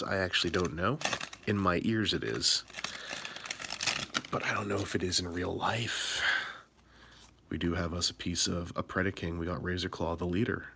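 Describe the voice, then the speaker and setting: A man chatting on a late-night live stream while opening card packs, rambling and low-key, keeping his excitement in check, from a hotel room. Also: creaky, a little hiss or hum.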